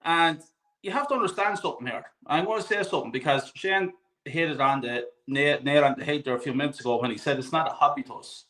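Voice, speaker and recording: A man's voice: on the high side, fast, pushed and bright. A man in his forties speaking as a guest on a fan talk show, ranting hard, swearing often and repeating himself for emphasis. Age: 40s. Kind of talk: impassioned live show rant.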